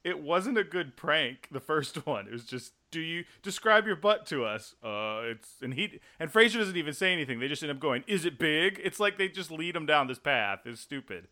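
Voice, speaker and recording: A man from Dallas, co-hosting a podcast in casual chat, animated as he retells stories. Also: fairly high pitch, moderate pace, few pauses. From Dallas, Texas. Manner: animated, acts out quotes. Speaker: podcast co-host.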